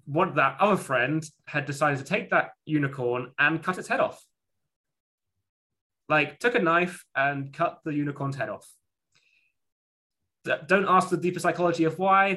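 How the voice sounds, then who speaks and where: A man with a bright, forceful voice chats casually. He tells a story in a rambling way, stopping and restarting often. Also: on the high side. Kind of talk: casual conversation.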